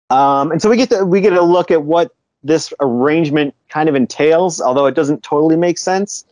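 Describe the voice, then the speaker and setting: A man's voice: a little high, lively intonation, normal speed, darkish tone, no room sound, muffled recording. Laid-back man chatting with a dry sound. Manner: laid-back, chuckles often, swears casually. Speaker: podcast co-host. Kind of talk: casual comic book review chat.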